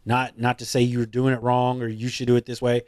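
A man's voice: medium pitch, monotone, a little fast, darkish tone, no echo. A man, a podcast guest talking casually, laid-back and rambling, swearing freely with many restarts. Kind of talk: casual chat.

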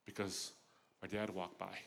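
Bright-voiced man telling a personal testimony. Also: low-pitched, a little slow, gravelly. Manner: expressive storytelling with vivid asides. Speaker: guest speaker. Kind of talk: personal testimony talk at a festival.

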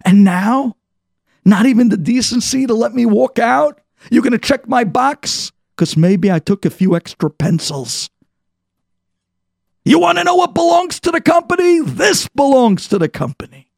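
A man's voice: sits high, wildly swooping pitch, measured pace, creaky, a little mellow, breathy edge, dry recording, studio quality, pitched above the performer's own voice, heavily acted. A man voicing a bitter aging senior manager who screams about the forty years he gave his company. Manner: screaming, pounding his chest.

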